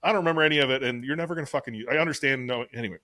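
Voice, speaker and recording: A man's voice: medium pitch, bright, forceful tone, dry recording, clean studio sound. A middle-aged man co-hosting a podcast, telling rambling stories in casual chat with frequent swearing. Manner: fast, rambling, profane storytelling. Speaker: podcast co-host.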